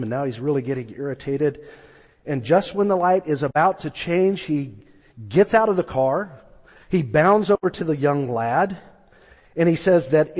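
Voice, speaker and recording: A man's voice: fairly high pitch, a little slow, a little mellow. A man preaching a sermon, telling a story and acting out the voices in it. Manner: storytelling, acts out quoted voices. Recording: long reverb of a large hall.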